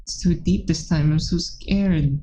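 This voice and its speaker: A man voicing a despairing young woman in a game, speaking slowly in a tearful, faltering hush on a dull lo-fi recording. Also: fairly high pitch, slight background noise, close to an everyday voice. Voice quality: tearful, faltering, broken-off words. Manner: slow, hushed, trailing sentences.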